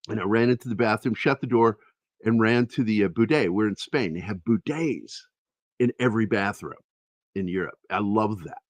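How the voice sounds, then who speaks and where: A man's voice: mid-range voice, dry recording. A man hosting a podcast, telling personal stories in a candid, rambling, foul-mouthed way. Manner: candid, rambling storyteller, swears freely. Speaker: podcast host. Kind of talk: casual chat.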